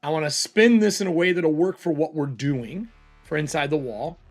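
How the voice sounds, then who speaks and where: A man's voice: on the high side, normal speed, soft background music. A man narrating a solo tabletop game casually, thinking aloud as he rolls dice.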